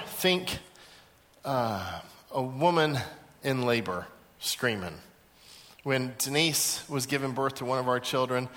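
A male pastor preaching a sermon in a large auditorium, telling stories and acting out the voices in them. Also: medium pitch. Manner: lively storytelling, acts out quoted voices. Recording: echoey hall.

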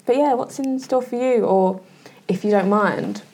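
A woman's voice: medium pitch, a little mellow, breathy edge. A woman hosting a casual podcast interview, playful and teasing in her questions. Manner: playful, teasing, quick reactions. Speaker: host.

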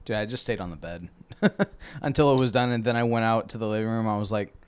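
A man's voice: fairly low pitch, fast, smooth. A young man co-hosting a podcast, reacting with short remarks and frequent laughter. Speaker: podcast co-host. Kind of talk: casual podcast chat.

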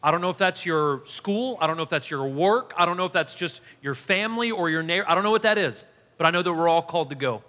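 A male pastor in his thirties preaching a sermon, telling a story with animated, self-deprecating humor. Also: a little high, fast talker. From United States. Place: church hall. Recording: long hall reverb.

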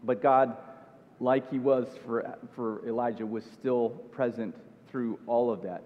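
A man preaching a sermon in an earnest, searching way, looping back over his words as he builds a point. His voice sits at an ordinary pitch. The sound is a little dull and carries a long reverb, as from a large hall. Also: fairly even intonation, measured pace. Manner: earnest, with frequent restarts and repeated phrases. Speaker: pastor.

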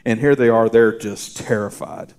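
A middle-aged man, preaching a casual, story-filled sermon with many fillers and restarts, sometimes dropping to a hushed voice. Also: lowish voice, fairly even intonation, moderate pace. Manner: drops to a soft, hushed voice for reassurance. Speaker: pastor. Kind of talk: conversational sermon.

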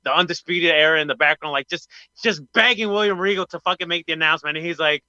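A man hosting a casual wrestling podcast, with a very bright, edgy voice that sits a little high. He talks in an animated way and gets hyped or grumbles as he goes. The recording is dry and somewhat dull, like a lo-fi podcast mic. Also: quick pace, dry recording. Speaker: podcast host.

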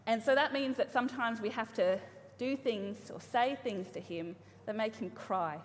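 A woman's voice: fairly high pitch, normal speed, a little hiss or hum. A woman in her thirties giving a casual, humorous sermon to a church congregation, chatty, with frequent ums and restarts. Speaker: preacher. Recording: live church hall reverb, faint ambience.

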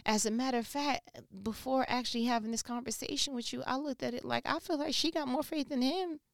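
A woman giving a casual devotional talk on faith, slangy and animated, acting out the voices she quotes. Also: high voice, fairly quick, gravelly, no echo, studio quality. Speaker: faith speaker.

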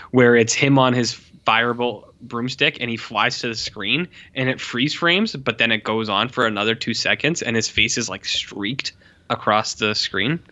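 Young man, casual movie chat, bright forceful tone, dull lo-fi audio. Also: mid-range voice. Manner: animated, swears, mimics characters with squeals. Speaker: podcast co-host.

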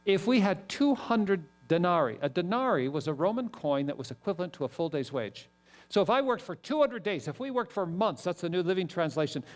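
A middle-aged male pastor preaching a sermon, animated and telling stories with quick asides. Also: high voice.

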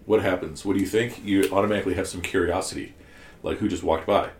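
A fast-talking man with a deep, steady voice gives classroom commentary on scripture, in a roomy recording with slight background noise. He lays out ideas step by step, keeps asking his students questions, and restarts many times.

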